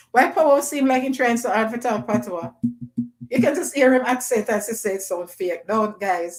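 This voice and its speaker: A woman's voice: fairly high pitch, normal speed. Chatty woman hosting a livestream. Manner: chatty, reads comments aloud, playful patois bits. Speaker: livestream host reading viewer comments. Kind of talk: casual livestream chat.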